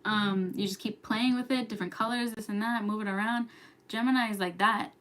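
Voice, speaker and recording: At home at night, a young New York woman hosts a casual late-night livestream, chatty and giggly, sometimes dropping to a whisper. Her mid-range voice is steady in tone, slightly bright, and a little fast.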